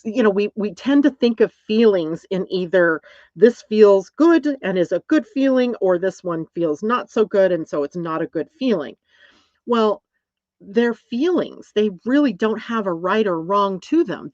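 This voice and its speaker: A woman's voice: fairly low pitch, dry recording. Woman explaining astrology in a dull, dry recording. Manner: reflective, often checks in with "right?". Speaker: astrology teacher. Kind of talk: casual explanatory talk.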